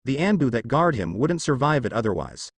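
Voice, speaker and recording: Calm businesslike father figure, measured and instructive, a man narrator reading him. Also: mid-range voice, husky, no room sound. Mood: serious. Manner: explanatory, measured.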